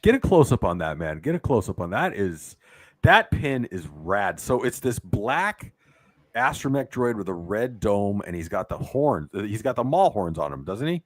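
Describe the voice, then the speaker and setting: Casting note: low-voiced man, very animated pitch, eager co-host, dry close mic. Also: moderate pace, no echo. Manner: animated, enthusiastic. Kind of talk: casual livestream chat.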